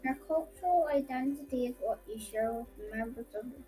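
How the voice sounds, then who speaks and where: Quick-talking woman explaining. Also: sits high, warm tone, faint music behind, poor audio. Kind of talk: casual discussion.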